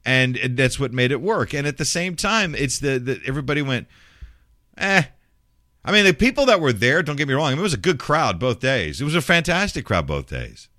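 A man's voice: medium pitch, sing-song, fast talker, few pauses, bright, forceful tone, no room sound, studio quality. A middle-aged man from Memphis, a radio host ranting bluntly and profanely in casual talk. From Memphis, Tennessee. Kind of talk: casual rant.

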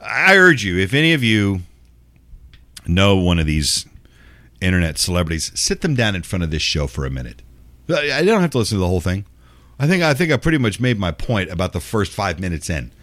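A middle-aged host rants in an exasperated, profanity-laced monologue, full of sarcasm. His pitch rises and falls a lot as he talks. The recording is close and dry. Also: big pitch swings, fairly quick, a bit bright, no echo. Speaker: show host. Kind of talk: ranting monologue.

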